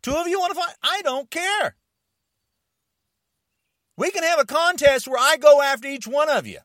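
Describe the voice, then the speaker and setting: A man delivering an angry, confrontational rant to camera, shouting and challenging his listeners. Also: very high-pitched, normal speed, no room sound, studio quality.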